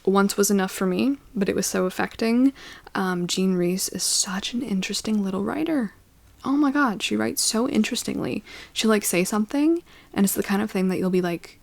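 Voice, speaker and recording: A woman's voice: mid-range voice, moderate pace, creaky, no echo. A young woman reviewing her favourite books in a casual vlog, gushing and playful, sometimes dropping into a whisper. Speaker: book reviewer.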